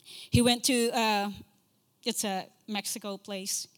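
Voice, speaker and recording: A woman preaching a sermon as a guest speaker, impassioned, repeating key phrases and slowing down to stress scripture. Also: mid-range voice, fairly even intonation, smooth. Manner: slows to stress scripture lines. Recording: long reverb of a large hall.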